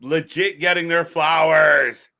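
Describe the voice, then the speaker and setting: A man co-hosting a live wrestling watch-along, animated and swearing, talking to viewers as folks. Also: fairly high pitch, slow, gravelly. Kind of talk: live alternative commentary chat.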